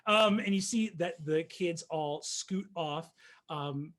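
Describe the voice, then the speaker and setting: A man narrating as game master, animated with many fillers. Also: sits high, slow.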